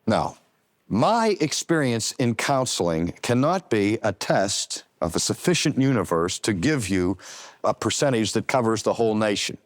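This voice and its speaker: A man's voice: fairly low pitch, animated, moderate pace, no room sound, studio quality. An older man teaching in an earnest sermon style, stressing key words and drawing them out. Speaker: preacher and teacher.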